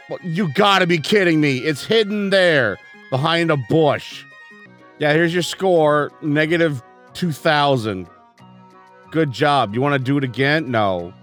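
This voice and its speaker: A man's voice: on the high side, a bit bright. A man reviewing a video game as he plays, exasperated and sarcastic, swearing often. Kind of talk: let's-play commentary.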